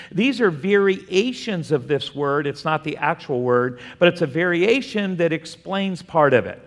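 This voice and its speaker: A man preaching a Bible study sermon, asking the room questions and answering them himself. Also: a little high. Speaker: pastor teaching a Bible study. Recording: long hall reverb.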